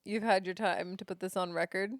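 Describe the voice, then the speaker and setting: A woman's voice: mid-range voice, steady tone, brisk, no echo, clean studio sound. A woman in casual podcast chat, teasing her co-host with laughing banter.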